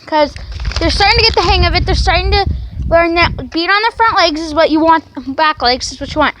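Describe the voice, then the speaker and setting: Woman vlogger, very high voice, coaxing dog-training demo, faint background hiss. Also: brisk, fairly bright tone, rough recording. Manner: coaxing commands to a dog between explanations. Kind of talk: casual training demonstration.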